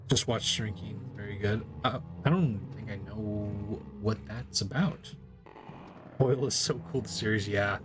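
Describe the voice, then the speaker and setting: A man's voice: lowish voice, unhurried, over music. A man streaming a game, chatting casually in a rambling, profane way and laughing often. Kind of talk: casual chat while gaming.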